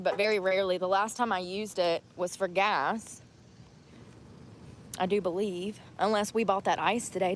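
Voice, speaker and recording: A woman with a medium-pitched voice vlogs casually about her day, venting bluntly and swearing freely. There is slight background noise.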